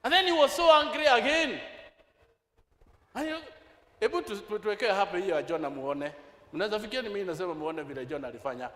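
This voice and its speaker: A Kenyan preacher with a high, sharp voice and lively intonation talks fast but pauses often. He asks the congregation rhetorical questions and slips into Swahili mid-sentence, his sermon echoing around a reverberant church hall.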